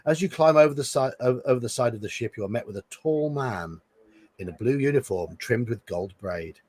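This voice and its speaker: Male host, mid-pitched, narrating a gamebook live. Husky timbre, animated delivery. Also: brisk, dry recording. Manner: reads aloud with asides and chuckles.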